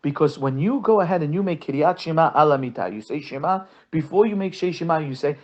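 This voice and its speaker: With a slightly high, expressive voice, a rabbi rushes through a marriage-course lesson with few pauses, telling examples, acting out quotes, and restarting sentences by repeating words. The recording sounds muffled.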